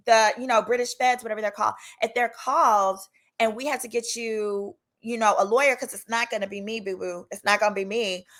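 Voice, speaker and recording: Sassy lawyer lady doing storytime, bright voice, kinda high, really animated. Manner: animated, sassy, talks straight to viewers. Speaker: lawyer and channel host. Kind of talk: casual storytime.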